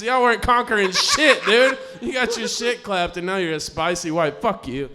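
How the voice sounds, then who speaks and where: A man's voice: high voice, normal speed, few pauses, sharp tone. A man doing a crude, rambling live stand-up set on a comedy stage, laughing at his own jokes.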